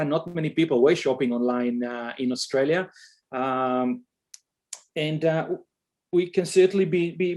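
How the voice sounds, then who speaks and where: A man in his fifties with a strong Israeli accent, a guest on an interview podcast, speaking fluently but with many "uh" pauses. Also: a little high, darkish tone. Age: 50s. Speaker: entrepreneur guest.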